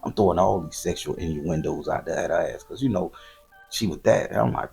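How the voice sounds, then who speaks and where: Southern US male storyteller, 40s, raspy-edged low voice, profane and rambling. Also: a little fast, soft background music. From southern Florida. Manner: loose, profane and animated, with slangy repetition.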